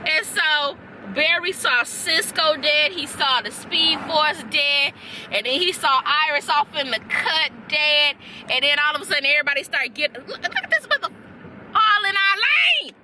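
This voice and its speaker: A woman's voice: high-pitched, moderate pace, noisy background. A young woman chatting casually in a car for a reaction vlog, rambling and easily sidetracked. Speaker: vlogger reacting to a TV episode.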